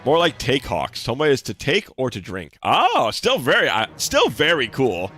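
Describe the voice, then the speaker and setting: A man's voice: mid-range voice, huge pitch swings, moderate pace, a bit bright, husky. A young man giving casual, rambling commentary while streaming a video game, with lots of fillers and restarts. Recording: faint game music behind.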